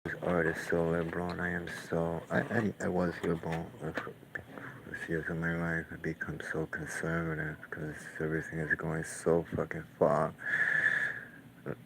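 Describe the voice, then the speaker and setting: Gravelly low-voiced man ranting profanely. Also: completely flat delivery, normal speed, background noise. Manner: profane, scornful, rambling. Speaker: painter. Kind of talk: casual ranting commentary while watching clips.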